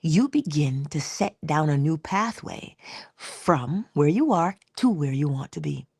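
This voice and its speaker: A middle-aged woman giving an inspirational spiritual talk in a conversational, expressive way, slipping into little acted-out quotes. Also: deep voice, a little slow, slightly rough, dry recording, studio quality. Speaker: inspirational speaker.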